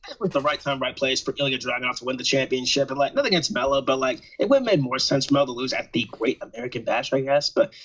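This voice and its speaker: Husky-voiced man rambling on a podcast. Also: mid-range voice, a bit bright, lo-fi sound. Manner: rambling, repeats himself, jokey. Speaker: podcast co-host. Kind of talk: casual wrestling chat.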